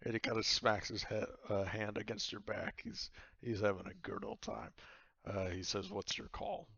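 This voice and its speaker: A man running a tabletop game with a gravelly, creaky voice. He narrates loosely and swears freely. The recording is dry and a little dull. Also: fairly low pitch, fairly even intonation, moderate pace, a bit bright, no echo. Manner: casual, laughing, swearing often. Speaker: game master.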